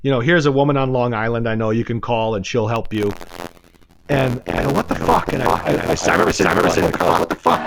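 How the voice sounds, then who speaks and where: A man tells a long, rambling, profane story on a podcast. His voice sits at an ordinary middle pitch, and he laughs at his own tale as he goes. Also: vocal fry, very noisy. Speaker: podcast co-host. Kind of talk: casual storytelling.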